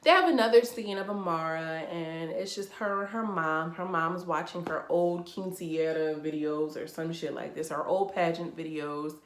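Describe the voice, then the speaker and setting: A woman's voice: low voice, steady tone, moderate pace, few pauses, roomy sound. Blunt, laughing woman reviewing TV. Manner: blunt, profane, incredulous and laughing. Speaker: reality TV reviewer. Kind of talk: casual vlog commentary.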